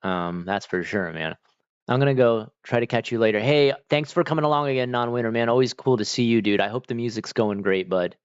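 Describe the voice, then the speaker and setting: A man's voice: medium pitch, a little fast, clean tone, dry recording. A man chatting casually on a livestream, answering chat in a rambling, hesitant way with many fillers and restarts. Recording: dull lo-fi dry mic.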